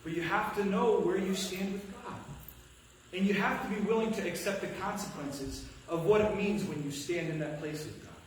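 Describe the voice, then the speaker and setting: A man with a Midwestern American accent preaches a sermon from the pulpit, telling a personal story and voicing each person in it. His voice sits a little high for a man, and it gets soft and low when the story turns tense. The sound carries through a reverberant church and is picked up from some distance. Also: moderate pace, slight background noise. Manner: animated storytelling, acting out quotes, dropping to a hush. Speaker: pastor. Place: church sanctuary.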